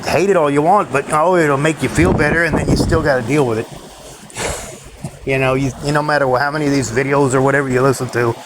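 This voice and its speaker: A man's voice: on the high side, steady tone, fast, background noise. A man in a bitter, cursing rant to his viewers, laughing between complaints. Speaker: vlogger. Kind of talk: ranting monologue to viewers.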